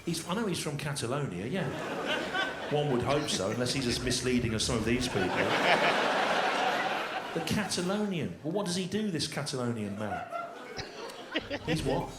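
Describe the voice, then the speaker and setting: A male stand-up comedian plays to the crowd on stage at a large comedy venue, dry, repetitive and mock-exasperated. His medium-pitched voice swings widely in pitch at a normal speed, pausing often. The live recording is echoey and noisy, with audience laughter.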